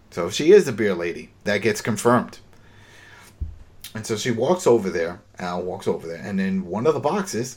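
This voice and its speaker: A man hosting a casual talk show, retelling a TV episode scene by scene and acting out the characters' lines. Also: lowish voice. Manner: animated storyteller, acts out dialogue. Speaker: podcast host recapping a TV episode.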